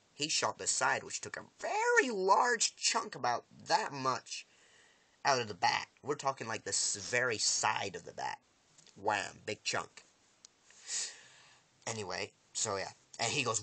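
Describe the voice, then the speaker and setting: A man excitedly recapping a TV episode in a casual vlog, rambling with restarts and acting out characters' lines. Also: no echo. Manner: animated storyteller, acts out lines with big loud jumps in pitch; rambling, many restarts and fillers.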